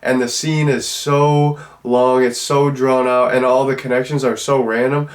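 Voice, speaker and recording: A man's voice: mid-range voice, flat delivery, a little slow. A man giving a casual, loose and rambling spoken review of a film. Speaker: movie reviewer.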